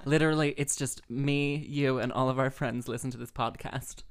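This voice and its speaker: A woman's voice: extremely low pitch, steady tone. A woman in her thirties hosting a podcast, joking and teasing her guest, with an English accent that some hear as American. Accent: American-sounding English. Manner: teasing, joking, quick asides. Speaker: podcast host. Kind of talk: casual chat.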